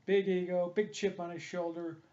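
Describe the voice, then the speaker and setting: A man rants on about baseball coaching, combative and repetitive, in a fairly high but mellow voice. He hammers the same points again and again. The audio is dull and lo-fi. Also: level tone, normal speed. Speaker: hitting coach and columnist. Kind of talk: opinionated monologue.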